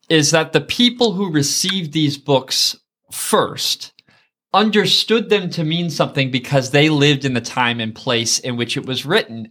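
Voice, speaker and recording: A man's voice: mid-range voice, fairly bright tone. A man co-hosting a Bible study, explaining a passage in a thoughtful, conversational way and addressing his co-host by name.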